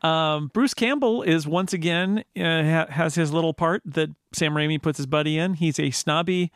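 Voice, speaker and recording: A man co-hosting a casual film discussion podcast, rambling and joking with quick asides. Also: on the high side, no echo. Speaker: podcast co-host.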